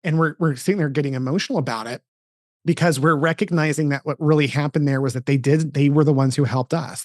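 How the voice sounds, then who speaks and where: A man's voice: on the high side, darkish tone, dry recording, clean studio sound. A middle-aged man, a podcast host, telling a personal story earnestly in casual interview chat, often restarting his sentences.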